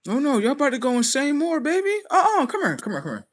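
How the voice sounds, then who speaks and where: Male live streamer, high-pitched and animated, with a profane, slangy rant. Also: quick pace.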